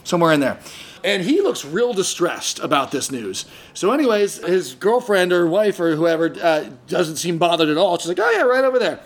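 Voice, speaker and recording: A man hosting a podcast, telling a long story in a casual, animated way, acting out the people he quotes and often restarting his sentences. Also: fairly high pitch, normal speed. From San Diego area. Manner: animated, acts out quoted voices, frequent restarts. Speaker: podcast host.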